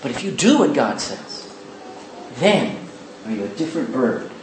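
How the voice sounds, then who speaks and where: Animated preacher in an echoey church. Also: male voice, medium pitch, a little hiss or hum. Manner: animated, mimics people in quick asides. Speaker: pastor. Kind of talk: sermon. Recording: echoey church hall, distant mic.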